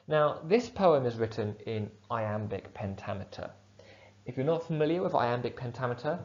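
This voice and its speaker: Male teacher, low voice, steady explanatory delivery, dull-sounding recording. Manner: clear, measured explanation with fillers. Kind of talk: poetry analysis lesson.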